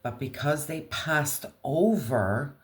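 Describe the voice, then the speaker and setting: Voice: medium pitch, expressive. A tarot reader giving a casual reading, talking straight to the viewer in blunt slang and swearing freely. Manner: speaks slowly, talks straight to viewer.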